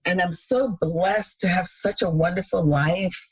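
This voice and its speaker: Breathy woman telling lively stories. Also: on the low side, a little slow, no room sound, low-quality recording. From Jamaica. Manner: animated storyteller, laughs often. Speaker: podcast co-host. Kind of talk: casual chat.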